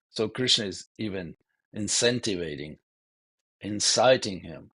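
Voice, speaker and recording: A man's voice: low-pitched, measured pace, a bit bright, husky, dry recording. A man giving a devotional scripture lecture in a loose, conversational way, often saying "you know". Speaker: scripture class speaker.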